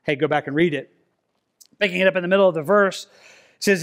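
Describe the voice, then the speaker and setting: High-voiced preacher working verse by verse. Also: male voice, fairly bright tone. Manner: conversational, repeats words, reads scripture slowly. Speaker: pastor. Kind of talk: expository sermon. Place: church sanctuary.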